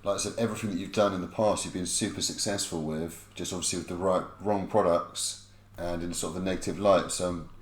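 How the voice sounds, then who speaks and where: A soft-spoken, agreeable man joining a casual podcast chat as co-host. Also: low-pitched, fairly even intonation, fast talker, reverberant.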